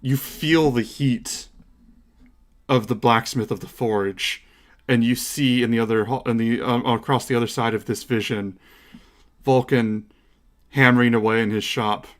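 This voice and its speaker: A man narrating as game master of a tabletop game, relaxed and hesitant, with frequent ums. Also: medium pitch, a little slow.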